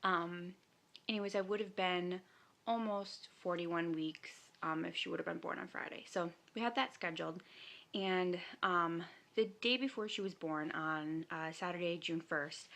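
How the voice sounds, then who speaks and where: Young woman vlogger, casual storyteller, lowish gravelly voice. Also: a bit bright. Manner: chatty, lots of fillers and laughs.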